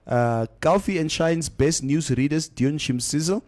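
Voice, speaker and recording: A man hosts a morning radio show, reading listener comments in an animated, easy way. His voice sits a little high for a man, and he drops Afrikaans phrases into his English. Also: unhurried.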